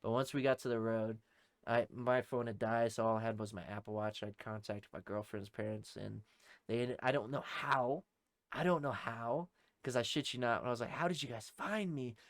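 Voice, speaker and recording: A young man co-hosting a podcast, telling a rowdy story in casual talk, swearing heavily and shouting out the lines of people in it. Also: medium pitch, fairly even intonation, a little fast, no echo, clean studio sound. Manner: heavy swearing, acts out shouted quotes. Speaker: podcast co-host.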